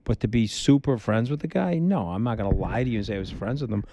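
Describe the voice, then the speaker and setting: A man's voice: fairly low pitch, fast talker, muffled recording, slight background noise. A middle-aged man as a podcast guest, talking bluntly and emphatically, repeating his points and acting out quotes. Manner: animated storyteller who acts out quotes. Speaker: interview guest. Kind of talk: candid podcast conversation.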